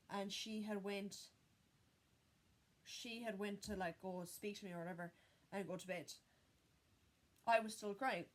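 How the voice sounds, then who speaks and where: Candid, swearing young woman vlogger. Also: mid-range voice. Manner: candid, heavy swearing, halting restarts. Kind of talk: unedited personal storytelling.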